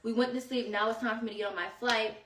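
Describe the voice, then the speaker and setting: Animated young woman, echoey and distant. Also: fairly high pitch, quick pace, slight background noise. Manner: animated, exasperated retelling. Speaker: storyteller. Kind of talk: casual storytime vlog. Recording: echoey room, far from the mic.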